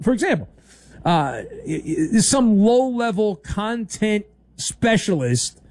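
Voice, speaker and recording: A middle-aged male sports radio host with a fairly high voice that swings widely in pitch as he rants. His delivery is sarcastic and mocking, and the studio sound is dry and close. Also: mellow, no echo. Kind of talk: opinionated sports talk monologue.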